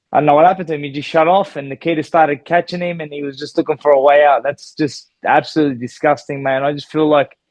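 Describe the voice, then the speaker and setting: Appearing as an interview guest, an Australian ex-boxer and former world champion fires back emphatically and indignantly, repeating "mate" over and over. His voice sits on the high side, and the recording is dry.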